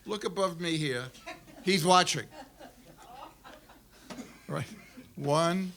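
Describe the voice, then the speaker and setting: A man's voice: a little high, animated, measured pace, fairly bright tone. A man performing with an acoustic duo, joking with the crowd and coaching them through a clap-along song. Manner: jokey, coaxes the crowd, counts in and teaches claps. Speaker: performer leading an audience sing-along. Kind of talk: joking stage banter.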